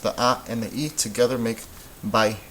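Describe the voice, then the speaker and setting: A man teaching Spanish in a relaxed, patient way, thinking aloud as he works through examples. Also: on the low side, a little slow, a little hiss or hum, low-quality recording. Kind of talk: informal classroom explanation.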